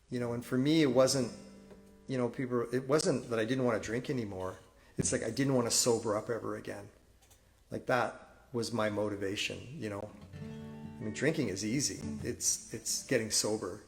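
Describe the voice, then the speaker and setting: Man, singer-songwriter, confessional home-stream talker, halting and reflective, phone mic. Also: medium pitch, fairly even intonation, faint music behind. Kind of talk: candid storytelling between songs. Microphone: phone, wearing headphones.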